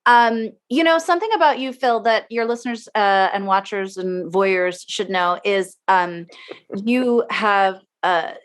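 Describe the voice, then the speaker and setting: A middle-aged woman performer, appearing as a podcast guest, chats casually and rambles with lots of fillers while offering warm praise. Her voice is mid-range and a little slow.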